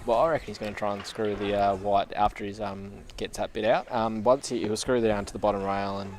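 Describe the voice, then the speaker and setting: A man's voice: fairly low pitch, steady tone, a little fast, slight background noise. A man with an Australian accent giving casual, rambling live pool commentary. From Western Australia. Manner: chatty, rambling, jokey.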